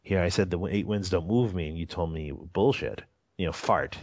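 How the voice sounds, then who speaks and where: A man's voice: low voice, normal speed, a little mellow, no room sound, lo-fi sound. A man playing a boastful, self-satisfied poet. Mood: sheepish. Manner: smug, playfully self-satisfied. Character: boastful man, proud of himself.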